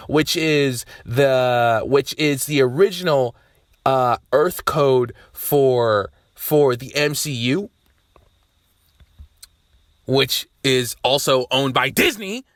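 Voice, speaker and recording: A young man talking to camera in a loose, rambling way, swearing freely and breaking into loud outbursts. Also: fairly high pitch, unhurried, no room sound, studio quality. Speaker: vlogger. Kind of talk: casual rambling monologue.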